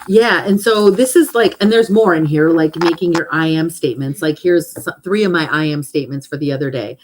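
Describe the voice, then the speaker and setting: A woman's voice: low-pitched, a little fast, hardly any pauses, darkish tone, rough recording. A middle-aged woman chatting casually and animatedly about affirmations and self-love, with lots of fillers. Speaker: host, hypnotherapist.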